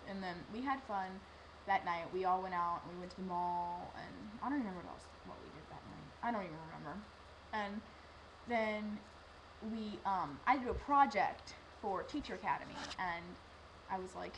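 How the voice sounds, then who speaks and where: A woman's voice: medium pitch, normal speed, background noise. A teenage girl telling a personal story in a rambling, emotional way, acting out what people said. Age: teens. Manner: rambling, emotional, lively with acted-out quotes. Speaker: vlogger.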